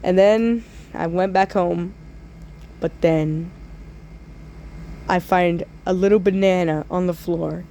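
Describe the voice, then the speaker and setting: A woman telling absurd comic stories in a drawling way, with sudden loud squealing outbursts. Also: fairly low pitch, fairly even intonation, slow, pauses often, a little hiss or hum. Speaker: storyteller. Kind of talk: absurd comedic storytime.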